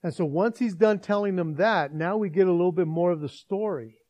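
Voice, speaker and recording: A man preaching a sermon, retelling a Bible story as a lively storyteller. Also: sits high, fairly quick. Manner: animated storyteller acting out scenes.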